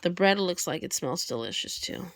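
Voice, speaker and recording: Reading a picture book at normal speed, a woman with a lowish, fairly bright voice and lively intonation pauses often to chime in. She scolds the animals in the story as she goes, and the recording has no echo.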